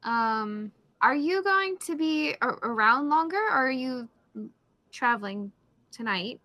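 Lively high-voiced woman player. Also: slow pace.

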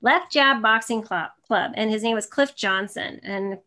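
A woman in her thirties speaks as an interview guest, telling her own story. She rambles, restarting phrases and filling pauses. Her voice sits a little high. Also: sharp tone. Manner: rambling, many restarts and fillers, emotional.

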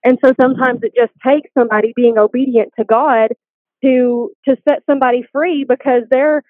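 A woman with a fairly high voice tells her faith story earnestly and with animation. She comes through a dry, tinny phone line. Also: steady tone, brisk, no echo. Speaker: guest. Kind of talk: faith testimony chat.

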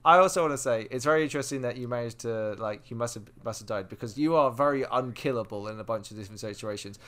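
A man co-hosting a podcast, chatting casually and telling stories in an animated way, often repeating words. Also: medium pitch, fast talker. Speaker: podcast co-host. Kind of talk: casual chat.

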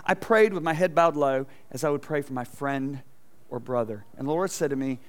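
A middle-aged man preaching a sermon in a church, telling a personal story with animated asides and questions to the congregation. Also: mid-range voice, brisk. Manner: animated storytelling, acting out quotes, asking the audience questions. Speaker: pastor. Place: church sanctuary.

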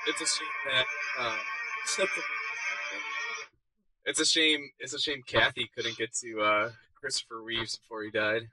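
A man's voice: mid-range voice, little pitch movement, measured pace, sharp tone, no echo, rough recording. A man co-hosting a casual podcast, mostly reacting with short remarks and jokes. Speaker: podcast co-host. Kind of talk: casual chat.

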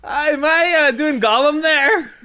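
A man's voice: very high-pitched, a little slow, bright, forceful tone, dry recording, studio quality, faint music behind. A man, a former radio DJ, chatting casually and laughing at his own old clips. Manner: self-deprecating, laughing often. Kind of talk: casual podcast chat.

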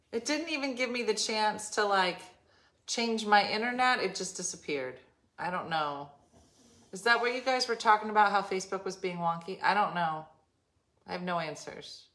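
A woman's voice: medium pitch, sharp tone. A woman hosting a casual live stream from home, chatting in a rambling way with lots of fillers. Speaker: livestream host.

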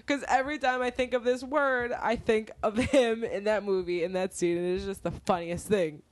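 A woman's voice: medium pitch, fairly even intonation, normal speed, no room sound. A woman co-hosting a podcast in casual chat, giggly and gushing, swearing freely, close on the mic. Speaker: podcast co-host. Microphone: close studio mic.

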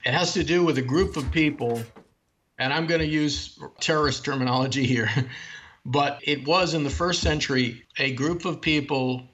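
An interviewed author discusses theology, working through his ideas in lengthy, earnest explanations. The man's pitch is fairly high and a bit bright, and he keeps a moderate pace.

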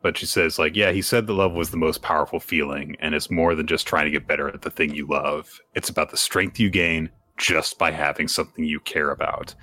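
A man co-hosting a casual podcast, retelling a chapter in a chatty way with lots of fillers and pitch jumps for quoted lines. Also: steady tone, a little fast, few pauses, sharp tone. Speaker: podcast co-host. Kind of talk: casual chat recapping manga chapters.

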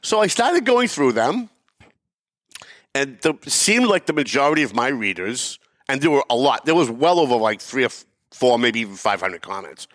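A man's voice: mid-range voice, sing-song, normal speed, a bit bright, no room sound, studio quality. A middle-aged man hosting a talk show, telling a heated story with emphatic swearing and mimicked voices. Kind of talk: animated storytelling rant.

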